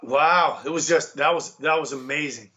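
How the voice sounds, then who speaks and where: Excitable man, high voice. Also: moderate pace, muffled recording. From United States. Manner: excitable, swearing, laughs through his story. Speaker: guest. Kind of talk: casual storytelling chat.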